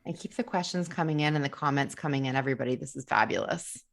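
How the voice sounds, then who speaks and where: A woman's voice: rumbling low, fast talker, gravelly. A woman hosting a live podcast, talking enthusiastically and emphatically about parenting and children's stress. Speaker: podcast host.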